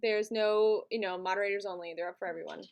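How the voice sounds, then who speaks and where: A woman's voice: mid-range voice, steady tone, quick pace. A woman hosting a live stream, chatting casually and giggly with her viewers from a home setup. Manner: chatty and giggly, talks to chat.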